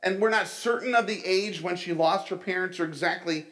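A man's voice: sits high, fairly quick, fairly bright tone. A middle-aged man giving a conversational sermon, telling stories and calling his listeners folks. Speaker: pastor.

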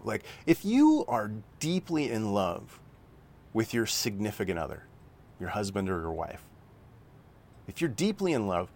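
A man giving informal Bible teaching, earnest and rambling, with restarts and fillers as he explains verses. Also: mid-range voice. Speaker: preacher.

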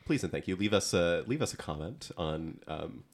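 Low-pitched man, podcast co-host, loose rambling chat. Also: lively intonation, normal speed. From Ontario, Canada. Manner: rambling, full of "like" fillers. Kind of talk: casual chat.

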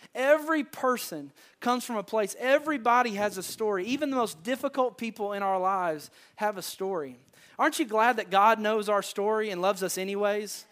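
A Southern American man gives a sermon in a church, talking to the congregation in a loose, conversational way. His voice sits high for a man, and he stumbles and repeats words as he reaches for a point, often turning to ask the room a question. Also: fairly bright tone. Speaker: pastor. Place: church sanctuary.

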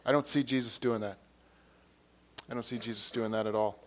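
A man delivering a sermon at a middle pitch, talking it through in a conversational way. He retells scenes by acting out bits of dialogue and often doubles back on his words as he goes. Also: fairly even intonation, brisk. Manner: repeats and restarts words. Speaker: pastor.

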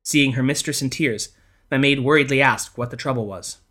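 A man reading an old ghost story aloud in a measured, expressive storytelling style. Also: medium pitch. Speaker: podcast narrator. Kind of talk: scripted storytelling narration.

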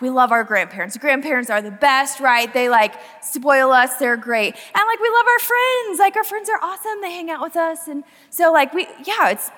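Animated young woman preaching in a hall. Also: high voice. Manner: animated, chatty, lots of "like" and "um". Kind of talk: casual storytelling sermon.

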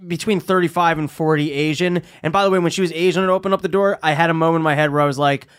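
Smooth-voiced man in casual chat. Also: a little high, steady tone, racing. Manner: conversational, swears, acts out quotes.

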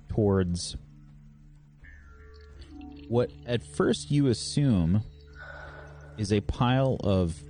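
A man narrating as game master, setting scenes in an unhurried, descriptive way. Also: on the low side, dark tone.

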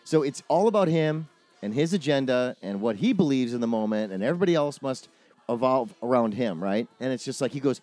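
Animated middle-aged man telling a story. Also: mid-range voice, brisk, soft background music. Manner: animated storyteller, acts out quotes, swears freely. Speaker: podcast co-host. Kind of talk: casual chat.

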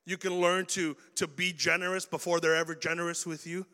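A man preaching a sermon to young people, animated and acting out everyday scenes as he talks. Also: fairly high pitch, a little fast, long reverb tail.

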